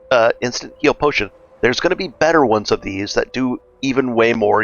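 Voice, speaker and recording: A man casually narrating a gameplay walkthrough as a gaming guide host, relaxed and chatty, thinking aloud with fillers. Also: mid-range voice, creaky, dull audio.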